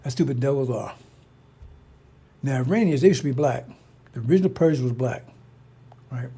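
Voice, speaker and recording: A man's voice: medium pitch, brisk, mellow, breathy edge. A middle-aged man giving a casual preaching monologue as a religious commentator, rambling and repetitive, blunt and profane.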